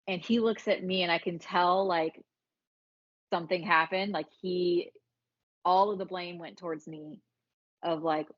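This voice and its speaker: A woman's voice: low voice, no echo. A woman from Alabama, telling her story frankly as a podcast guest, swearing freely and acting out what people said. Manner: frank, swears freely, acts out quoted dialogue. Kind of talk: candid casual storytelling. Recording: dry, slightly dull sound.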